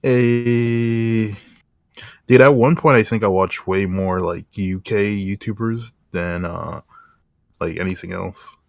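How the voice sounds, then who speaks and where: A man's voice: takes it slowly, gravelly, no room sound. Giggly young man on a podcast, dry sound. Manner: laughs often, animated pitch swings. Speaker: podcast co-host. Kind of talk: casual chat.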